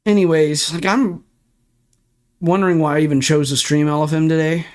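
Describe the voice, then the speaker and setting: A man's voice: a little high, steady tone, moderate pace. A young man streaming sim racing, ranting in frustration and swearing while walking through replay footage. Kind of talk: ranting livestream commentary.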